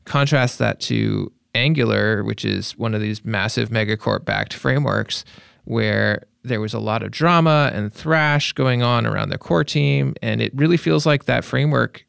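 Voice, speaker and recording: A man's voice: mid-range voice, vocal fry, a bit bright, clear, resonant tone, no room sound, clean studio sound. A man on a podcast panel, talking through tech topics in a thoughtful, casual way, often hedging with "like".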